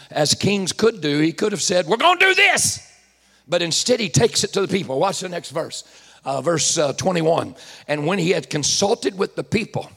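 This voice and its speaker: High gravelly preacher man. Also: a bit bright. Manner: preaching with rising fervor, calling out to the congregation. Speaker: pastor. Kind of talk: sermon.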